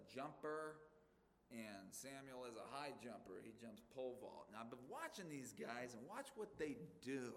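Folksy pastor preaching in a reverberant hall. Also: male voice, mid-range voice, slight background noise. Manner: folksy, conversational, addresses congregation directly. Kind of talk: sermon. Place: church sanctuary.

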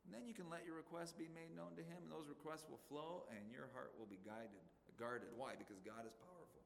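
A man's voice: on the high side, brisk, gravelly, a little hiss or hum. A man from the western United States preaching a sermon as pastor, emphatic and conversational, firing off rhetorical questions to his church. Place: church sanctuary. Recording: long reverb of a large hall.

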